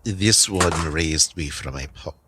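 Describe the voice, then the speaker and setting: A man voicing a hungry, wary wolf that speaks slowly and carefully. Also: rumbling low, background noise.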